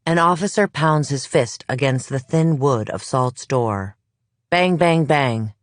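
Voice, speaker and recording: A narrator reads a suspense audiobook slowly and evenly, in a measured storytelling voice of middle pitch. The sound is dry and close, with no room echo. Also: lively intonation. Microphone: close studio mic.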